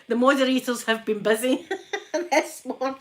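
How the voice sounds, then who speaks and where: Chatty Scottish woman, bright voice. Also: high-pitched, measured pace. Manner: chatty, laughs often, addresses chat by name. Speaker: livestreamer chatting to viewers. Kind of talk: casual live-stream chat while ironing.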